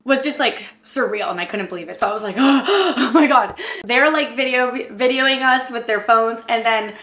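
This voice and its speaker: A young woman telling a story to her camera in a rambling, excitable way, full of fillers and close to tears. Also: on the high side, normal speed, echoey room. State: emotional, near tears. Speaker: vlogger.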